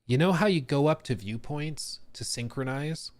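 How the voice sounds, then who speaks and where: A young man hosting a live stream, chatting casually and joking with his chat in an animated way. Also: on the high side, normal speed, no room sound. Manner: animated, jokey, reacting to chat. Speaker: streamer host.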